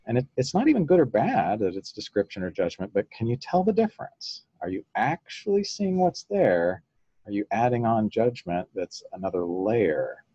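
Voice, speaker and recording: A man's voice: fairly low pitch, moderate pace, husky, dry recording, muffled recording. A man, a psychologist guest in an interview, explaining ideas through stories and often chuckling. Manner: relaxed storyteller, acts out quotes, chuckles often.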